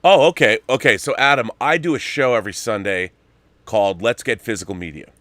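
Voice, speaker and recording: A man's voice: on the low side, brisk, fairly bright tone, no room sound. A man hosting a live online show, chatting loosely and reading out viewer messages. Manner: rambling, chatty, restarts. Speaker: show host.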